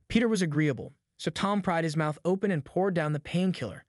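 A man narrates a classic story in a steady, measured reading voice. His pitch sits a little high for a man. The sound is dry and close, with no room around it. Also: no echo. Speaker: audiobook narrator. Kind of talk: scripted narration.

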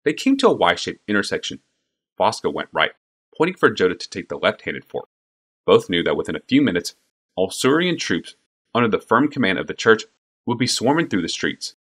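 Deep-voiced, expressive male narrator. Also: a little fast, breathy edge. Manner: expressive storytelling. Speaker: audiobook narrator. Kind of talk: scripted narration.

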